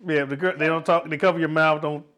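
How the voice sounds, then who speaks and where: A man's voice: on the high side, steady tone, quick pace, a bit bright. A middle-aged man hosting his home cooking vlog, laid-back and jokey, laughing often as he chats. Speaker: cooking channel host. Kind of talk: casual cooking vlog chat.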